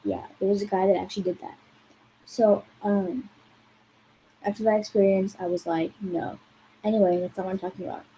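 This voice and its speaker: A woman's voice: mid-range voice, fairly even intonation, brisk, mellow, slight background noise, poor audio. A woman vlogger telling a rambling, exasperated story in casual talk, full of swearing and "like". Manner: rambling and profane, heavy use of "like".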